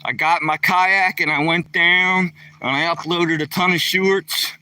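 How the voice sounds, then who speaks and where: This Pennsylvania vlogger walks his dog beside a lake during a casual livestream, rambling folksily and addressing viewers by name. He speaks a little slowly with fairly even intonation, his high-ish voice pushed and bright and far from the mic.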